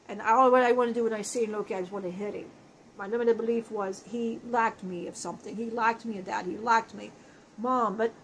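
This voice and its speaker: A woman channeling a grown male spirit who speaks in an earnest, halting, emotional way. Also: on the high side, a little hiss or hum, natural voice, rough recording. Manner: earnest, halting, emotional storytelling with many restarts.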